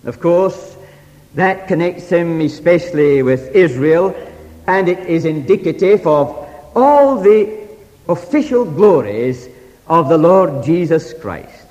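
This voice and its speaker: A male preacher delivers a sermon at an unhurried pace, his pitch rising and falling widely as he presses on key phrases. His voice sits a touch high for a man and rings out with the long reverb of a large hall. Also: animated, a little mellow. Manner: slow, emphatic, archaic scripture phrasing.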